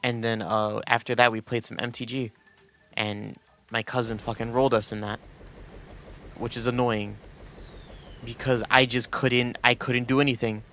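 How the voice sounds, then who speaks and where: A man's voice: medium pitch, little pitch movement, normal speed, pauses often, sharp tone, slight background noise. Rambling young man, casual stream chat. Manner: rambling, many restarts and quoted asides.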